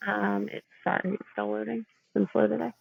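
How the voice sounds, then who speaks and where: A woman taking her turn in a tabletop game, speaking hesitantly with lots of pauses. Her voice is deeply gravelly and flat, almost monotone. It comes through a dull, lo-fi mic in a dry space. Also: dry recording. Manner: hesitant, many "um"s. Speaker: player. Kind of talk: casual tabletop play.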